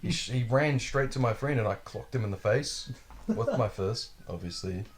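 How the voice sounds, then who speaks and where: A man hosting a podcast, telling a wild story in a casual, profane, animated way. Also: mid-range voice, normal speed. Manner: profane, animated, acts out quotes. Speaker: podcast host.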